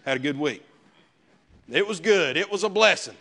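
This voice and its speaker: Lively preacher man. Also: a little high, normal speed, breathy edge. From American South. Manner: conversational preaching with folksy asides. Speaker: pastor. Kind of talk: sermon.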